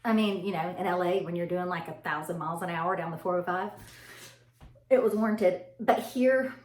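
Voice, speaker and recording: Mother vlogging, chatty and animated, voice ringing in a bare room. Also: on the low side. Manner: animated, laughing storyteller who addresses viewers as y'all. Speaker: mother vlogging about parenting. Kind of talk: casual chatty monologue to camera. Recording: echoey room.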